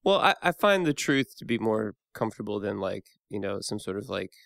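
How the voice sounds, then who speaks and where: Gravelly man rambling in casual chat. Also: on the low side, sing-song, fairly quick, fairly bright tone, dry recording, clean studio sound. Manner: rambling, many restarts and fillers. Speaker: podcast guest host.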